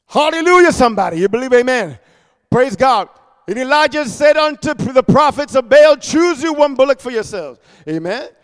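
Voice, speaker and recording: A preacher man with a strikingly high voice that sounds smooth and resonant. He reads scripture fervently, swinging between shouts and hushed asides, and keeps calling out for amens. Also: sing-song, normal speed. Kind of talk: sermon reading and explaining scripture.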